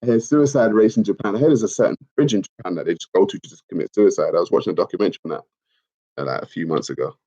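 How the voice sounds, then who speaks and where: A young man hosts a casual livestream in a lowish, warm voice, talking at a racing pace. Laid-back and slangy, he reads out viewer comments, laughs at them, and swears some. The stream audio is dull and lo-fi.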